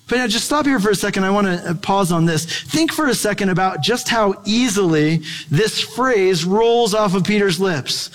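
Male pastor, high voice, chatty sermon delivery with jokey asides, long reverb. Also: expressive, normal speed, few pauses. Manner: conversational, playful asides.

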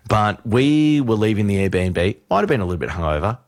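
Low-voiced man telling a story. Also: a little fast, no echo, studio quality. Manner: animated storyteller, repeats punchlines. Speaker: radio host. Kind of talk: casual radio banter, storytelling. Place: radio studio. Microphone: studio microphone.

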